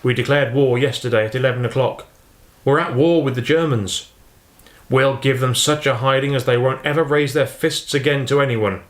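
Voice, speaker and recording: A man voicing a gruff, blustering, patriotic farmer father in an audiobook reading. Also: mid-range voice, normal speed, close to an everyday voice. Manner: loud, blustering, boastful. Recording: roomy echo.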